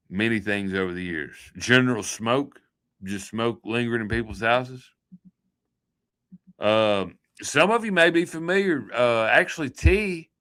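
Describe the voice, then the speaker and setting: A man's voice: mid-range voice, bright, forceful tone. A man hosting a livestream, rambling through a joking, folksy sign-off chat. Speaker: livestream host.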